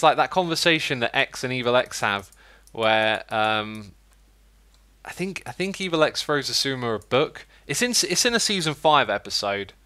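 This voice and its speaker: A man rambling casually to his stream, full of "like" and "you know." His voice is bright and sits mid-range. The sound is dry and close, with no room echo. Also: medium pitch. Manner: rambling, chatty, lots of fillers. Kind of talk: casual livestream chat.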